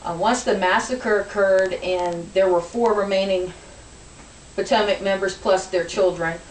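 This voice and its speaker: A woman giving an informative class speech, measured and explanatory, with frequent ums. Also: mid-range voice, fairly even intonation. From Virginia. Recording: distant, echoey room with hiss.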